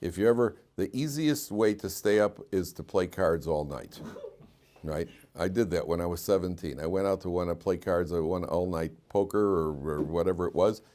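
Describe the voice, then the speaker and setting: A middle-aged man, a rabbi teaching a Torah class, who stretches key phrases slowly and loudly, quizzes his students and drops low and quiet for wry asides. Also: slight background noise.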